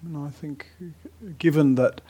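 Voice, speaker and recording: A man giving a gentle, unhurried meditation talk at a retreat, now and then dropping to a soft whisper. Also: fairly high pitch, slightly rough. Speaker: meditation teacher.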